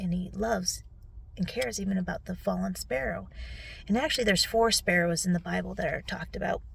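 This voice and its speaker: A tearful middle-aged woman recording a personal video recap on her phone, speaking softly and often dropping to a whisper. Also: mid-range voice, creaky, slight background noise. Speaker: vlogger. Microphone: phone selfie video.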